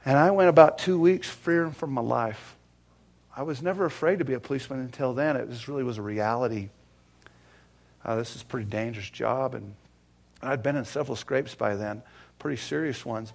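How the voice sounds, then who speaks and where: A man preaching a sermon in a folksy way, swinging from hushed asides to loud, fervent passages. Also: mid-range voice, moderate pace, gravelly, long pauses. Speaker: pastor.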